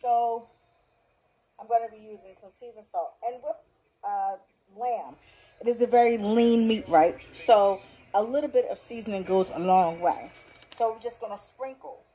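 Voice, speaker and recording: A woman's voice: fairly high pitch, moderate pace, mellow, slightly rough, poor audio. A woman hosting a casual home cooking tutorial, chatty and upbeat, talking straight to her viewers, recorded on a phone in her kitchen. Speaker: cooking vlogger. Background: faint football game on TV.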